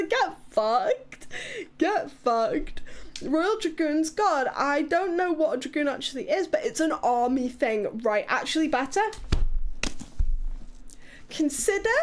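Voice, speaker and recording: A woman's voice: sits high, slight background noise. A woman from Wales with a British accent, streaming live in casual, chaotic chat, swearing and laughing often as she reads.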